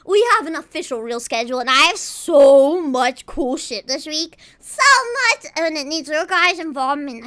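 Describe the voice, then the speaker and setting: Woman streamer, very high pitched, bright and forceful; rambling, teasing, dramatic casual chat on a home desk mic. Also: expressive, fairly quick, hardly any pauses. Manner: dramatic, swings between loud and quiet. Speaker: VTuber streamer.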